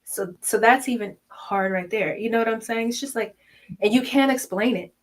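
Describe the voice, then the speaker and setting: A woman's voice: a little high, moderate pace, rough recording. A woman in her thirties in a casual chat, talking animatedly and acting out quoted voices. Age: 30s. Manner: animated, acts out quoted voices, laughs often. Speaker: podcast co-host.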